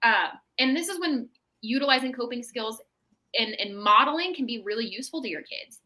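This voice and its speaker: Bright-voiced woman giving parenting advice. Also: on the high side, lively intonation, a little fast, poor audio. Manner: explanatory, tags statements with "right?". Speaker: mental health professional guest. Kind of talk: casual advice chat.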